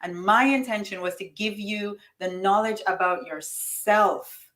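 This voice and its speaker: A woman hosting a live-streamed money mindset coaching session. She talks in a high-energy, emphatic way, speaks straight to her viewers and reads their comments aloud. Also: measured pace, a bit bright.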